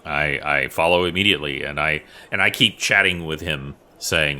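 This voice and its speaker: A man's voice: extremely low pitch, normal speed, hardly any pauses, bright, forceful tone. A man playing as a guest at a tabletop role-playing game, describing his character's actions politely and thoughtfully. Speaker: guest player. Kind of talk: tabletop role-play as a player.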